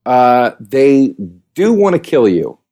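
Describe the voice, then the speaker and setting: A man hosting a podcast, rambling through a comedic monologue with profane, animated rants that keep second-guessing themselves. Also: mid-range voice, slow.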